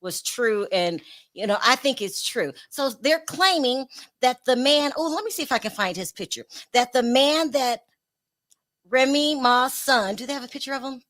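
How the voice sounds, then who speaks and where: A woman hosting a casual online celebrity gossip show, chatty and quick to laugh, often restarting her sentences. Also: high-pitched, expressive, a bit bright. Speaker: show host.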